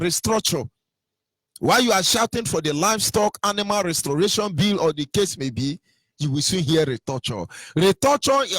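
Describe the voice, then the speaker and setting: A Nigerian man in a heated political monologue, swinging between loud sing-song mockery and low muttering. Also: no room sound.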